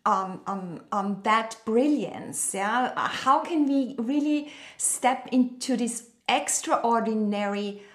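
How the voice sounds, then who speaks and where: A woman host asks slow, searching questions with many ums and uhs. Her voice is a little high, and the recording has a roomy echo. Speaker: interview host. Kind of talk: interview questions.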